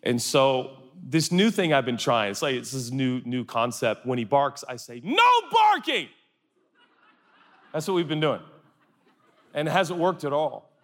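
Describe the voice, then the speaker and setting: A man's voice: mid-range voice, normal speed. A man preaching a sermon to a live audience, telling comic stories and acting out voices. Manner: animated, acts out voices for comic anecdotes. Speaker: pastor. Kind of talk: sermon storytelling. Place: large hall with audience. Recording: long hall reverb.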